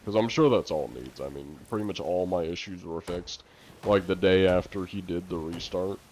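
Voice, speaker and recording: A young male streamer with a low, deep voice chats loosely with his viewers. He rambles, fills gaps with "like" and "um," and swears now and then. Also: moderate pace, a little mellow. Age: young adult. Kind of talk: casual stream chat answering viewer questions.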